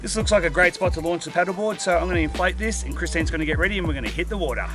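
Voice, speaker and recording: Young male vlogger, upbeat and chatty gear-review delivery, high voice, music bed underneath. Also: racing. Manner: upbeat, chatty, thinks aloud while unpacking. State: out of breath after pumping. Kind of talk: casual product review vlog.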